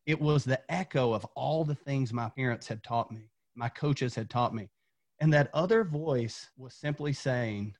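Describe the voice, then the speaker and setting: A man's voice: mid-range voice, unhurried, a little mellow, muffled recording. A man from Tennessee, a former coach, telling an earnest motivational story as a podcast guest, repeating words when fired up.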